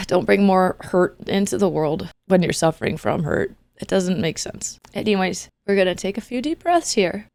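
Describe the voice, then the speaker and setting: A woman's voice: on the low side, gravelly, a little mellow, no room sound. A woman streamer talking earnestly and casually to her chat, rambling and soothing with the odd joke.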